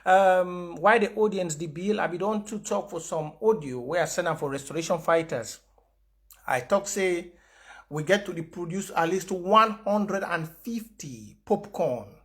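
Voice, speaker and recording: Brief: high-voiced Cameroonian man, livestream activist, pidgin-English mix, forceful repeated points. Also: unhurried. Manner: impassioned, emphatic repeated declarations; mixes pidgin and English with frequent fillers. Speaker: activist host of an online broadcast. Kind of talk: livestream address to followers.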